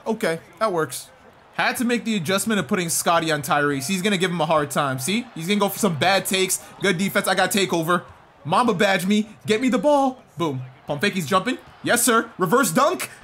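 Excitable high-voiced young gaming commentator. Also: male voice, a little fast. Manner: excitable, yelps and shouts at plays. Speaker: gaming YouTuber. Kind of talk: video game commentary. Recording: game music playing behind.

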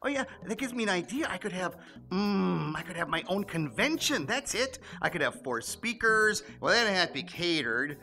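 A man voicing an excitable, scatterbrained male bunny puppet in a children's puppet show, giggling and stammering as he talks. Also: high voice, moderate pace, heavily acted. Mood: excited.

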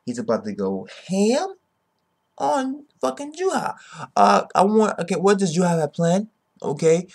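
A young man reviewing a manga chapter in casual commentary. He is excitable, swears a lot, uses heavy slang and keeps tagging "okay?" onto his sentences. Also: high voice, a little slow, vocal fry.

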